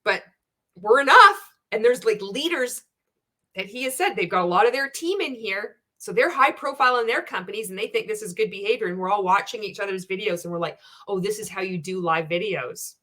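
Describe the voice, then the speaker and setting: A woman's voice: medium pitch, lively intonation, brisk, sharp tone. A woman giving a sarcastic, profane reaction rant as a video commentator, blunt and scornful.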